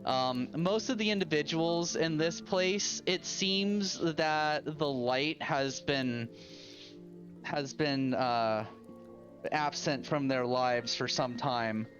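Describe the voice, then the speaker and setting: A man narrating a tabletop game as game master, unhurried and casual. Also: fairly high pitch, fairly bright tone, highs cut off, soft background music. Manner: unhurried, with many fillers and restarts.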